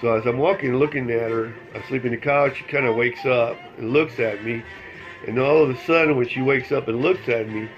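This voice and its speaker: A man's voice: medium pitch, a little fast, soft background music. Rambling older man, lo-fi recording. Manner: rambling, repeats phrases, casual cursing. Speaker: vlogger telling life stories. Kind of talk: casual spoken storytelling.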